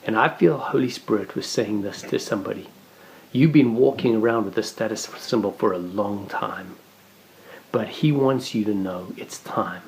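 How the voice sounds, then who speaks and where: A man's voice: fairly low pitch, moderate pace, vocal fry, slight background noise. A man preaching a conversational devotional message in an earnest way, often restarting and repeating his words.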